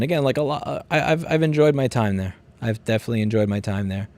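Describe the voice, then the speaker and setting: Mid-range and a little mellow, this man's voice is fast with lively intonation. A New York-accented livestream host in his thirties from Queens, he reads viewers' comments out loud and bluntly responds, at times cursing, rambling and restarting his sentences.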